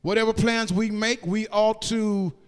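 A man preaching a sermon in a church, moving into sung, rising cadences and shouted peaks, and drawing out key words slowly. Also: high-pitched, fairly even intonation, clear, resonant tone. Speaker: pastor. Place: church sanctuary. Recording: long reverb of a large hall.

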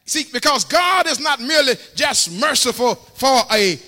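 A man preaching a sermon in a church, repeating phrases in call-and-response and rising to shouts. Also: very high voice, animated, normal speed. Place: church sanctuary. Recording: long hall reverb.

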